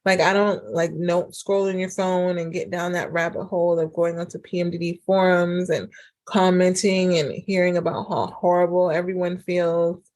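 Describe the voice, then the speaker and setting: Chatty woman podcaster with a lowish voice. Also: normal speed. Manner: chatty and animated, acts out quoted dialogue; frequent fillers like "like" and "um". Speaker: podcast host and relationship coach. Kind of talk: casual solo podcast monologue.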